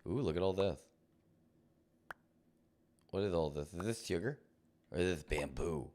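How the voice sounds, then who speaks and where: Streaming a game live, this man keeps up a playful, meandering commentary packed with goofy jokes. He speaks at a moderate pace in a low-pitched, expressive voice with a darkish tone.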